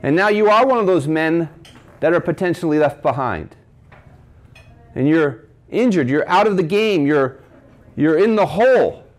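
A man delivers a sermon to a men's breakfast gathering in a cafe. His voice sits a little high and rises and falls with lively energy. He keeps asking his listeners questions and quoting scripture. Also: normal speed, long pauses. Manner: preaching with rhetorical questions and scripture quotes. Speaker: speaker at a men's ministry breakfast.

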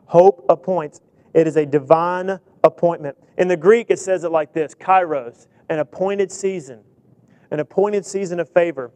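High-voiced animated male preacher. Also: normal speed, no echo. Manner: animated storytelling preacher, acts out dialogue. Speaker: preacher and coach. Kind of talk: sermon.

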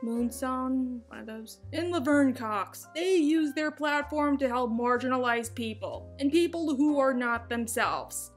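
A woman's voice: high voice, expressive, unhurried, hardly any pauses, soft background music. A woman narrating a scripted video essay with wry, sarcastic asides.

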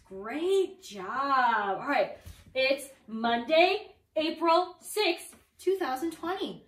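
A woman's voice: high voice, big pitch swings, slow pace, fairly bright tone. A young woman leading toddlers through circle time from her home, in an exaggerated, encouraging sing-song teacher voice. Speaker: preschool teacher. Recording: roomy sound, far from the mic.

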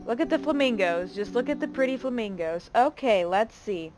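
A woman's voice: a little high, expressive, moderate pace, over music. A woman hosting a horror game let's play, talking through it in a jumpy, jokey way and swearing freely. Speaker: gaming channel host.

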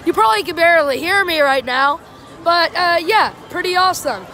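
An excitable woman with a high voice chats casually into a handheld camera, bursting into shrieks and laughs. Behind her a theme park crowd bustles, and music plays clearly. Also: a little fast. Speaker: vlogger. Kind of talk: casual travel vlog.

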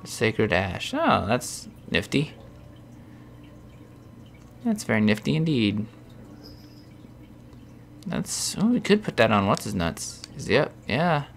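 A man's voice: mid-range voice, huge pitch swings, slow, vocal fry, long pauses, a bit bright, slight background noise. A young man casually commentating his gameplay, swearing often and getting exasperated with himself. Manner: profane, self-deprecating, easily exasperated. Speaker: Let's Play host.

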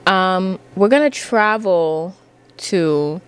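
A young woman giving casual, playful commentary while playing a life-sim game, full of "like" and quick asides. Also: mid-range voice, soft background music. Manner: chatty, playful, lots of "like". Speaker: gaming YouTuber. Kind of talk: casual let's-play commentary.

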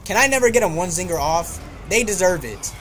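A man with a high voice streams a game live at a fairly quick clip, a little hiss or hum audible in the recording. He jokes and trash-talks enemies, talking to himself and his chat with excitable outbursts.

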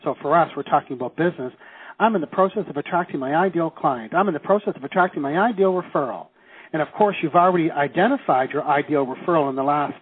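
Talking fast in a husky, fairly high voice, a middle-aged man from Canada leads a live seminar. He energetically asks his class questions and performs the reactions he quotes, all captured on tinny, phone-like audio.

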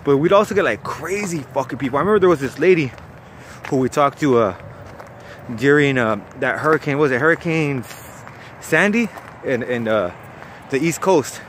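A man with a relaxed Chicano accent tells his stories in a loose, profane way, with plenty of "like" and "you know what I mean". His voice sits at an ordinary middle pitch. Faint traffic hum from outdoors runs underneath. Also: moderate pace. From California. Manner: profane, laid-back storytelling full of fillers. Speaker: former bank call-center worker. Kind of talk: casual storytelling vlog.

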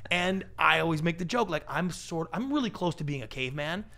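Gravelly, higher-pitched man telling lively stories. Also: fairly quick. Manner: animated storyteller, acts out quotes; big energetic personality. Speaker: guest, pitch coach and TV producer. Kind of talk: conversational podcast interview.

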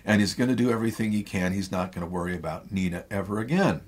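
A male theatre professor with a Midwestern American accent, giving a lecture that retells a play as a story and pausing often on fillers. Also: low voice, husky. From Midwestern United States. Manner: animated storyteller with frequent fillers.

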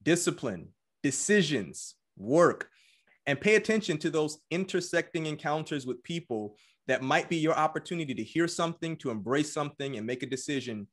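A man's voice: fairly high pitch, expressive, moderate pace, fairly bright tone. Fervent preacherly male podcast host. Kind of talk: exhortation and show wrap-up.

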